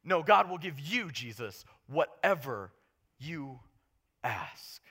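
A man preaching a sermon as a pastor, impassioned and swinging between hushed storytelling and loud, urgent delivery. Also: a little high, very animated, slow pace, breathy edge.

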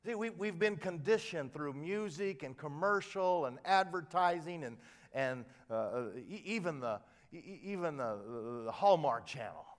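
An older man preaching from the pulpit. He tells his stories with plenty of animation, dropping to quiet asides and then climbing to loud, emphatic punches. When he gets fired up he stumbles over and repeats his words. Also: on the high side, expressive, normal speed. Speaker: pastor. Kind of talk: sermon.

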